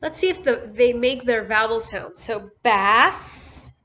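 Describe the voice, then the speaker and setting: A woman teaching a recorded phonics lesson to young children, sounding out each word syllable by syllable. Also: a little high. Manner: slow, sounds out words syllable by syllable. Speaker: first grade teacher. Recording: dull lo-fi recording with faint noise.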